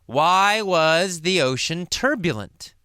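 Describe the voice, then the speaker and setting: A man teaching English by telling a story slowly, asking questions and answering them himself. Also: high-pitched, expressive, bright, forceful tone, smooth, no room sound, clean studio sound. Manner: repeats and answers his own questions, dramatic swings to near whisper.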